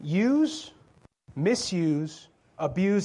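A man with a notably high voice preaching in church. He talks loosely and conversationally, cracks jokes and keeps asking the congregation questions. The delivery feels like chatting with friends from the pulpit. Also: big pitch swings, normal speed, breathy edge. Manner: conversational, joking, asks the crowd questions. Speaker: pastor. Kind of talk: sermon.

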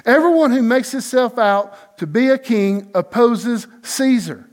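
A man's voice: extremely high pitch, animated, measured pace. A man reading an insistent accusing crowd.

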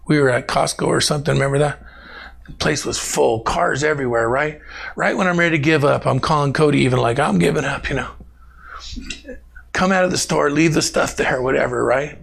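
A man's voice: fairly high pitch, creaky. A man preaching a conversational sermon to his congregation, telling personal stories and calling on members by name. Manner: animated, talks directly to congregation members by name. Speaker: pastor.

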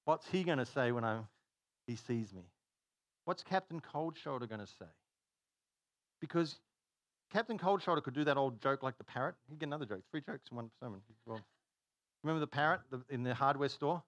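A man preaching a sermon, telling stories in an animated way and laughing at his own jokes. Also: mid-range voice, fairly quick, long pauses, no room sound. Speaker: pastor.

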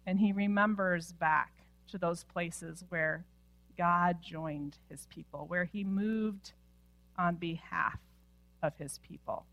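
A woman pastor preaching a sermon with impassioned delivery, often dropping to a hushed near-whisper at the ends of phrases. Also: fairly low pitch, takes it slowly, lo-fi sound. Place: church sanctuary.

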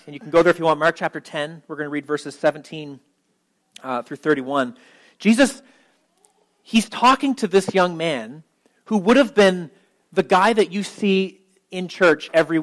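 A man's voice: on the high side, rough recording. A male pastor giving a conversational sermon, talking casually and animatedly with frequent asides and check-ins to the listeners.

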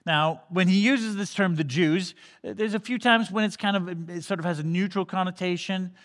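A man's voice: high voice, moderate pace, fairly bright tone, in a large hall. A man preaching a sermon in a conversational way, often restarting phrases and briefly acting out the people he quotes. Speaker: pastor.

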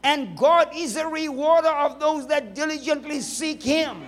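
A male preacher with a notably high-pitched voice delivers a sermon. He is emphatic, drives his points home with strings of rhetorical questions, and slips in joking asides along the way. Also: a little slow, a bit bright.

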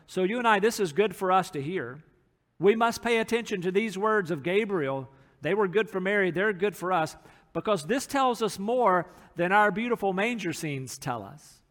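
High-voiced preacher in a reverberant hall. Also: male voice, a bit bright. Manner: earnest expository preaching, reading scripture aloud. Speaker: pastor. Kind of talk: sermon.

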